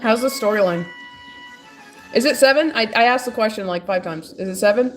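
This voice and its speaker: A woman's voice: a little high, faint music behind. Rambling, joking young woman streamer. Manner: rambling, joking, quick to laugh. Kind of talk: casual chat while crafting on a livestream. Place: at home, moving furniture.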